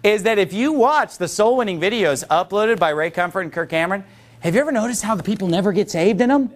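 A man's voice: high-pitched, expressive, quick pace. A male pastor preaching a sermon in a blunt, mocking way, repeating his words for emphasis.

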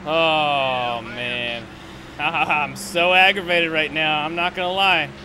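A man's voice: a little high, steady tone, slow. A young man giving live gameplay commentary, ranting with exasperation and heavy swearing. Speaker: gaming commentator. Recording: loud game engine noise underneath.

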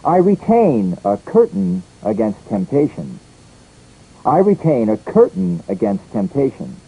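Lively husky man reading a pronunciation drill. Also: lowish voice, measured pace, lo-fi sound. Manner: lively, repeats each word and line twice. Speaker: English pronunciation teacher.

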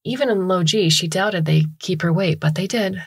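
A woman narrating a science fiction story in a measured, steady storytelling style on a close studio mic. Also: on the low side, gravelly, breathy edge.

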